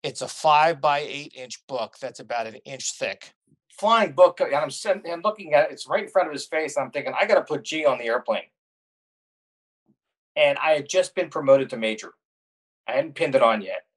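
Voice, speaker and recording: Animated storytelling man, dry sound. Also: a little high, fairly quick, dry recording. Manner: animated storyteller, laughs at his own tales. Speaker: guest, corporate pilot. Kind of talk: casual storytelling chat.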